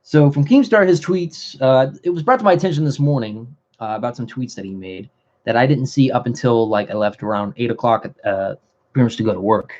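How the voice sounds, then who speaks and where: A man's voice: medium pitch, a little fast, a little mellow, highs cut off. A man hosting a commentary livestream, ranting in a heated, profane, rambling way with frequent restarts. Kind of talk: live commentary rant.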